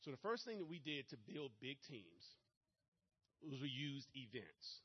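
Fast-talking man with a Maryland accent. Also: mid-range voice, slightly rough, dull audio. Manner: fast-talking, energetic, addresses the audience directly. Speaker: motivational speaker at a business presentation. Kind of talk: motivational seminar talk.

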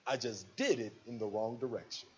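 A man's voice: mid-range voice, brisk, muffled recording, noisy background. A man giving a preachy motivational speech to a live audience, acting out little scenes with quoted voices. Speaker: motivational speaker at a business event.

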